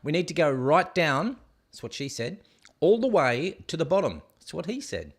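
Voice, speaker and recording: A man's voice: fairly high pitch, very animated, normal speed, slightly rough. A man hosting a casual show, rambling and joking as he stumbles over hard place names. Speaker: show host. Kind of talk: casual rambling video commentary.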